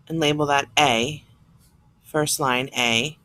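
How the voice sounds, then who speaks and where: A woman's voice: low voice, takes it slowly, fairly bright tone, no echo. A woman teacher explaining a lesson plainly, step by step, recorded on a computer mic. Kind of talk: classroom lesson recorded on screen.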